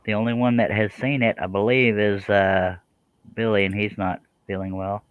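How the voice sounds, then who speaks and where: Man, lowish voice, joking rambling host, tinny phone-like sound. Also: little pitch movement, moderate pace, clean tone, no room sound. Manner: joking, rambling, self-deprecating. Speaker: live stream host, scroll saw artist. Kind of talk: casual live-stream chat.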